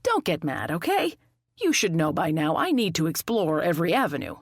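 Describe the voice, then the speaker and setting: A woman voicing a stern, dogged male police detective who speaks in a formal, measured, firm way. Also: low voice, huge pitch swings, no echo, studio quality, full character voice.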